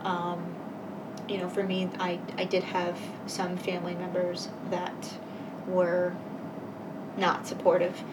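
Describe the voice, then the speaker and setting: A woman guest telling her personal story in a conversation, earnest and halting, pausing to reflect. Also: fairly low pitch, monotone. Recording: voice a bit far from mic, faint noise.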